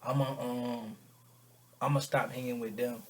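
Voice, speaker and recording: A man voicing a quiet, dejected young guy. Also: medium pitch, level tone, a little slow, slight background noise, natural voice. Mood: subdued.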